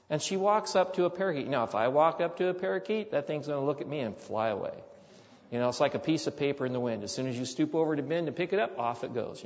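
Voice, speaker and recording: A man's voice: on the high side, a little mellow. A middle-aged man preaching, telling a rambling, folksy personal story with rising emphasis. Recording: dull sound with long hall reverb.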